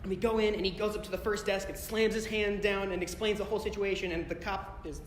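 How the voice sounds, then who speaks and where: A man's voice: sits high, fairly even intonation, fast talker, a little hiss or hum. A man doing a stand-up comedy set before a live audience, telling a rambling story and correcting himself as he goes. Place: concert hall, live audience. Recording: echoey concert hall recording, long reverb.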